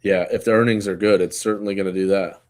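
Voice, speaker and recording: Deep-voiced man talking trades. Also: quick pace, faint music behind. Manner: relaxed, recounts his own trades. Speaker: trading stream co-host. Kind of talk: casual market chat.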